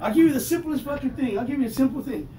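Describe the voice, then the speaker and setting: Profane stand-up guy in his fifties, high voice, echoey far-off mic, noisy room. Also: racing. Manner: profane, loud, animated storytelling. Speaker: stand-up comedian. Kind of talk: stand-up comedy set.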